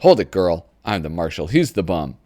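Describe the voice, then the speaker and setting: A man voicing a gruff, drunken western marshal while reading a comic aloud. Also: sits low, big pitch swings, normal speed, mellow.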